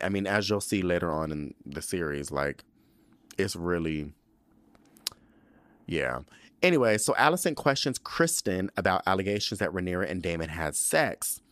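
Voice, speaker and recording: A young man with a fairly low voice dishes on a TV episode like he's gossiping with a friend, sassy and profane. His delivery is animated and full of attitude. The sound is dry and close, with almost no room around him. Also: dry recording. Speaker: podcast host recapping a TV episode. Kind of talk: casual recap monologue.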